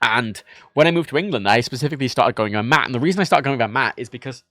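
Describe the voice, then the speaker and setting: A man's voice: mid-range voice, fast, dry recording, clean studio sound. A man from Ireland with an Irish accent, chatting casually and swearing freely while commenting on a game he plays on stream. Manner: animated, sweary, rambling. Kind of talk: casual livestream gameplay commentary.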